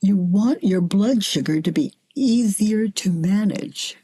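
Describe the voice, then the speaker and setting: An older woman facilitating a self-inquiry dialogue, gently coaxing her guest and calling her honey. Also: medium pitch, animated, slightly rough. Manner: gentle, slow, coaxing with endearments.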